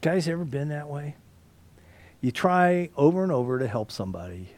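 A man teaching a Bible study, swinging between loud emphasis and hushed asides, with frequent restarts and throat clearing. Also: on the high side, very animated, normal speed, no room sound.

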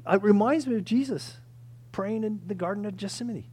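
Male preacher, fairly high voice, emphatic delivery that swings between loud pleas and hushed lines. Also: lively intonation, normal speed, husky. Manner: earnest, emphatic, acts out quoted pleas. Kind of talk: sermon.

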